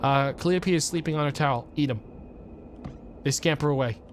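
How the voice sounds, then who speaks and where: Male streamer, casual let's play, deadpan, reads game text, slightly high voice. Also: brisk, faint music behind.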